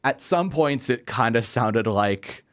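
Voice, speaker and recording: A man's voice: medium pitch, expressive, slow pace, clear, resonant tone, dry recording. A young man hosting a casual movie review chat, sarcastic and laughing often. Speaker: podcast host.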